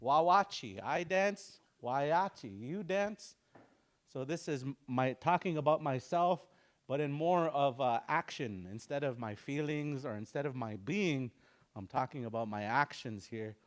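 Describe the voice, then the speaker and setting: A man teaching a language class, explaining pronunciation patiently and repeating sounds aloud for students to copy. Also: medium pitch. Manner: explains slowly, repeats sounds aloud for practice, chuckles often.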